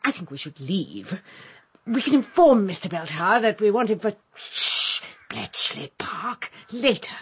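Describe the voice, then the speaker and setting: A woman's voice: medium pitch, very animated, measured pace, slight background noise. A woman playing a prim, sentimental schoolmistress in a comic radio play. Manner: prim, fluttery, indignant.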